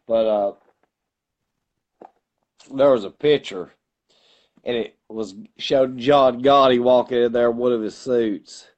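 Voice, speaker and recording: A man's voice: medium pitch, fairly even intonation, takes it slowly, long pauses, darkish tone. Drunk man rambling through a story. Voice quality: rambling, profane. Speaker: podcast co-host. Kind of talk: casual storytelling. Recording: dull lo-fi recording.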